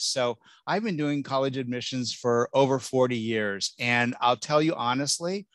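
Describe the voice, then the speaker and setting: A man's voice: mid-range voice, a bit bright, no echo. Chatty older man giving a keynote. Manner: chatty, self-deprecating, halting restarts. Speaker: college admissions officer, keynote speaker. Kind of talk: casual keynote talk.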